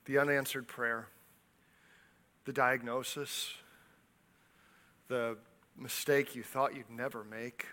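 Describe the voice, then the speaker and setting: Bright-voiced preacher telling a story. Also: male voice, mid-range voice, slow pace, long pauses. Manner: animated storytelling, voices the people in the story, drops soft for appeals. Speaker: pastor. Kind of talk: sermon.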